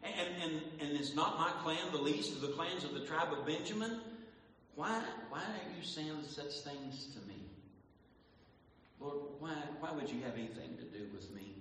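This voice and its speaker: A man's voice: a little high, moderate pace, few pauses, pushed and bright, a little hiss or hum. A man preaching acts out a bashful young man who pleads he is unworthy. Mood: pleading. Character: timid, self-doubting young man pleading his unworthiness. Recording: echoey church hall, distant mic.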